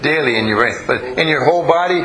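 Over a noisy crowd, a man with a fairly high voice speaks fast and animatedly as he leads a live class. He tells stories while questioning and coaxing the group. The recording quality is low.

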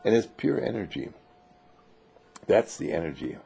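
A man giving an inspirational spiritual talk, animated and breaking into laughs, acting out the voices he quotes. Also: lowish voice, moderate pace, creaky. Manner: laughs between phrases. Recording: dull lo-fi recording.

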